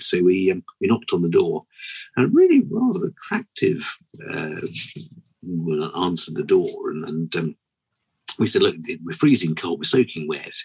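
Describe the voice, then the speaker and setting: A man co-hosting a podcast, chatting casually and telling a long joke in a lively way, with many restarts. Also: low-pitched, breathy edge, rough recording. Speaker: podcast co-host.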